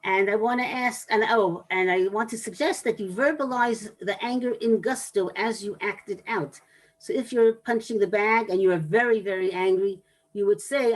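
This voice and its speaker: A woman giving a talk on anger management to an audience, explaining in a measured way with pauses and restarts. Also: medium pitch, poor audio.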